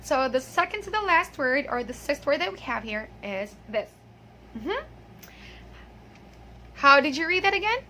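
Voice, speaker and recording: Bright high-pitched woman teaching pronunciation. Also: a little hiss or hum. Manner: patient, repeats words for the viewer to copy; chatty, with fillers and small laughs. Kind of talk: pronunciation lesson, speaking to the viewer.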